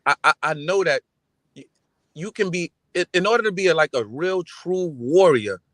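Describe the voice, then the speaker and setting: A man in casual chat, talking in an animated, emphatic way and repeating his phrases. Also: fairly high pitch, normal speed, no room sound.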